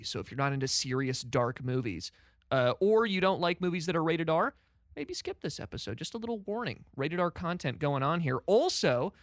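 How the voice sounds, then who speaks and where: A man's voice: fairly high pitch, no echo, clean studio sound. A man co-hosting a film podcast, wry and joking in casual chat. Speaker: podcast co-host.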